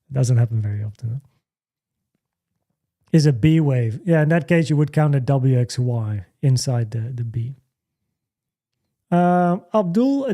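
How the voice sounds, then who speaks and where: A man's voice: medium pitch, mellow. A man hosting a casual livestream, chatting and answering questions with many restarts and fillers. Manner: halting, repeats words, many fillers. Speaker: livestream host. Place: home.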